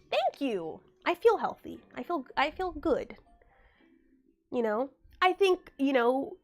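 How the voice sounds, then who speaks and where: A woman's voice: sits high, big pitch swings, measured pace, faint music behind. A young woman getting over a cold, chatting casually on a livestream and answering her chat.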